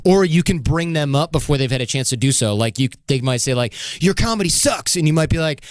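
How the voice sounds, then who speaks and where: A man's voice: medium pitch, fast, darkish tone, no room sound, clean studio sound. A man on a podcast, explaining at length in casual chat and acting out little voices of other people. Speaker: podcast guest.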